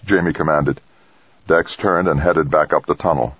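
A man narrating a science fiction story in a steady, dramatic reading. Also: extremely low pitch, normal speed, breathy edge, dry recording. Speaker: audiobook narrator. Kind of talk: scripted narration. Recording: dull, dry close recording.

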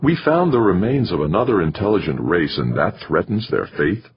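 A shaken, angry scientist who leads a Mars program, voiced by a man in a storybook reading. He speaks bluntly and bitterly in a very low, husky voice. The audio is muffled and lo-fi. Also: big pitch swings, moderate pace, full character voice. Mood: indignant. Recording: muffled lo-fi recording.

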